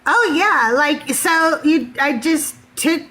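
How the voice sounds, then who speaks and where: A woman telling a personal story in casual talk, animated and laughing often. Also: high-pitched, slow, poor audio. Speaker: podcast guest.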